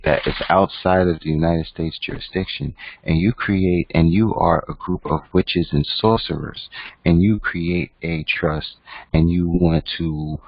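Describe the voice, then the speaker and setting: The dull, dry lo-fi recording captures a man with an extremely low-pitched voice and no echo, teaching an online class. His lecture is conversational, and he repeatedly checks in with "right?"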